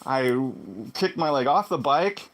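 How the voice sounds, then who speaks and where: A man telling a personal story in a casual vlog monologue, swinging between loud exclamations and low muttered asides. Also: slow, a little hiss or hum. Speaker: vlogger.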